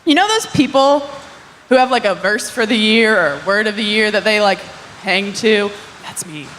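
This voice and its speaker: A young woman giving a casual, self-mocking youth sermon, chatty with quick asides and lots of "like". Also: mid-range voice, animated, fairly bright tone. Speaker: youth ministry speaker. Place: church hall. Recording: long hall reverb, faint ambient noise.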